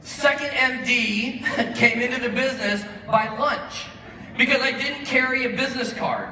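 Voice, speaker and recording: A man giving an animated acceptance speech in a large hall, telling a story and acting out both sides of the conversation. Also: extremely high pitch, normal speed. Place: large event hall with audience. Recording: roomy hall sound from a distant mic, faint noise.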